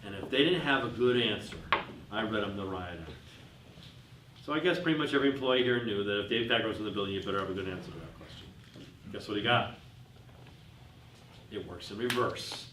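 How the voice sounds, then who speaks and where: A man's voice: fairly low pitch, fairly quick, pauses often, fairly bright tone. A man giving a workshop talk to an audience, telling anecdotes and putting questions to the room. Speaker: business speaker. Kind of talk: workshop talk with told stories. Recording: roomy, far from the mic, faint noise.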